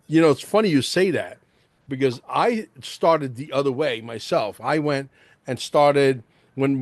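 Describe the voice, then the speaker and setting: A male host in casual interview chat, excitable and rambling, peppering his talk with "bro" and "like". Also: medium pitch, no echo.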